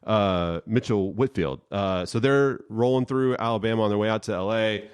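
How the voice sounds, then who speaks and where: A man with a deep, resonant voice talks casually as a podcast co-host. He speaks haltingly, with many fillers and restarts. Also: clean tone. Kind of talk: casual chat.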